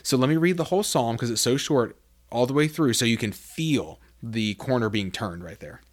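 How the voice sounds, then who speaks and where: A male podcast host teaches devotionals conversationally at a moderate pace and medium pitch. He reads scripture aloud with rising emphasis, often correcting himself and restarting with fillers like "I mean."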